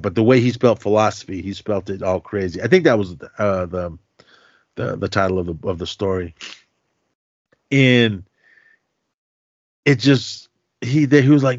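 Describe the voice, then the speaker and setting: A man's voice: fairly low pitch, moderate pace, long pauses, dry recording. A man hosting a podcast, casually recapping films in a loose, chatty way with lots of fillers and slang. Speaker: podcast host. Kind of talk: casual movie recap chat. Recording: dull lo-fi, dry sound.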